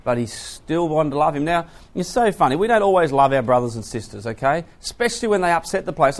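A man giving an animated, story-driven Bible talk to young people, often breaking into loud exclamations. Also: fairly high pitch, fast talker, few pauses. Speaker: Bible class speaker.

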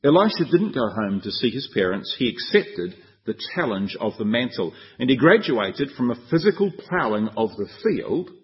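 A man's voice: medium pitch, big pitch swings, moderate pace, few pauses. A man preaching a Bible exposition sermon, asking rhetorical questions and acting out the quoted speech. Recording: dull lo-fi recording.

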